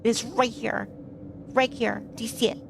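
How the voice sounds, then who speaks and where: A woman's voice: fairly high pitch, fairly even intonation, normal speed, vocal fry, noisy background. A woman streaming a game, chatting casually and playfully, reacting aloud to what happens on screen.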